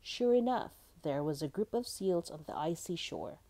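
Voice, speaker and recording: Woman storyteller for a children's book, gentle and mellow, lively expressive reading. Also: fairly low pitch, moderate pace. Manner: expressive, gentle read-aloud.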